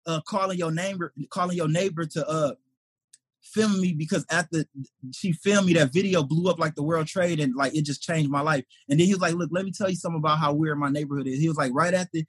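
A man's voice: fairly high pitch, fast, breathy edge, dry recording. A man from Detroit, a stand-up comedian, telling a story in conversation and acting out the voices of the people in it. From Detroit, USA. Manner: animated, acts out quoted voices.

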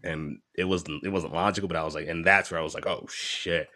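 A man's voice: low-pitched, fairly even intonation, fairly quick, pushed and bright. A man talking openly and casually, rambling a little, swearing and laughing often. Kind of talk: casual podcast chat.

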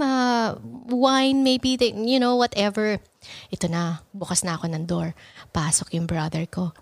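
A woman's voice: mid-range voice, moderate pace. A woman with a Filipino accent, a podcast guest animatedly telling stories in casual chat and mixing Tagalog with English. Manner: animated storytelling, switching between Tagalog and English.

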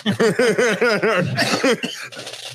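A man in his thirties, an army veteran, telling stories in a relaxed, profane, chatty way and often breaking into laughter. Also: sits high, very slow, slight background noise. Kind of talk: casual storytelling interview.

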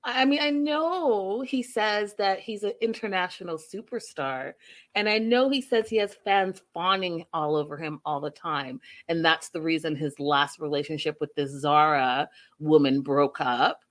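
A woman's voice: fairly low pitch, unhurried. A woman casually recapping a reality show episode, reading viewer comments and acting out the people's lines with sassy asides. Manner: animated, acts out quotes with sassy asides.

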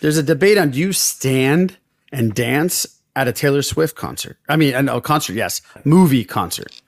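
A man's voice: mid-range voice, expressive, normal speed, creaky, dry recording, studio quality. A man hosting a podcast, telling stories and bantering with guests in a friendly, laughing way. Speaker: podcast host. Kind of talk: casual chat.

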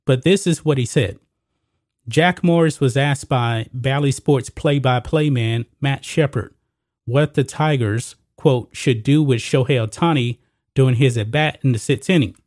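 A man's voice: medium pitch, a little slow, a little mellow, no echo. A man gives casual sports commentary straight to his audience in a mid-range voice. He keeps calling his listeners guys and folks as he talks. The sound is dry and close, with no room around it. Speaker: sports commentary channel host. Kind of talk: casual opinion commentary to camera.

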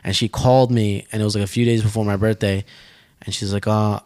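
A man's voice: on the low side, fairly quick. Young man rambling through a story. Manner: rambling, animated storytelling with restarts. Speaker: podcast co-host. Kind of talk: casual storytelling.

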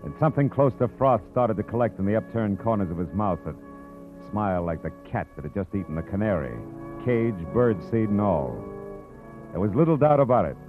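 An actor playing a wisecracking hard-boiled private detective in a 1940s radio drama, narrating in a wry, tough voice. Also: male voice, fairly low pitch, lively intonation, a little fast, music in the background, natural voice. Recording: tinny old radio broadcast.

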